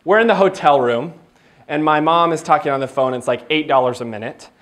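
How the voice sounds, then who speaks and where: Speaking a little fast in a slightly high voice, this keynote speaker gives a motivational talk at a training event. He tells his stories with animation, laughs a lot and performs the dialogue himself.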